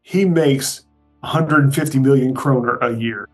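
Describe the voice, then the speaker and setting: A man's voice: medium pitch, normal speed, soft background music. A man playing in a tabletop game, chatting casually and joking with a ready laugh. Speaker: player. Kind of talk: casual chat.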